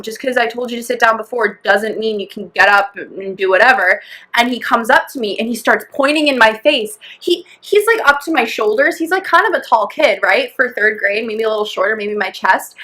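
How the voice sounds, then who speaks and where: A woman's voice: a little high, bright, forceful tone. A young woman co-hosting a podcast, telling a long story in a rambling, laughing way, full of "like" and acted-out quotes. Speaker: podcast co-host. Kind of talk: casual chat storytelling.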